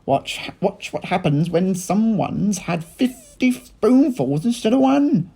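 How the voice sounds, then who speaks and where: A man voicing a gleeful, smug middle-aged husband who sounds pleased with himself, his voice pitched a little above his own. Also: animated, takes it slowly, gravelly, dark tone, breathy edge, exaggerated voice. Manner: smug, pleased, slightly raised voice.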